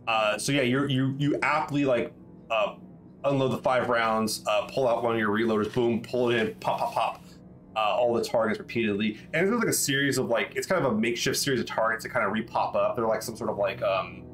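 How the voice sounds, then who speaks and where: A man's voice: mid-range voice, a little fast, a bit bright, soft background music. Rambling male game master. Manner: rambling, many fillers and restarts. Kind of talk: narrating a tabletop game.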